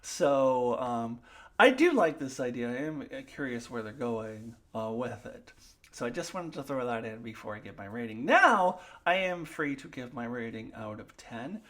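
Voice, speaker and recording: A woman's voice: very deep voice, big pitch swings, moderate pace, a bit bright. A woman talks through her opinions of a TV episode in a solo review. She is emphatic and opinionated, rising sharply when annoyed. She stops often to restart sentences. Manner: frequent fillers and restarts.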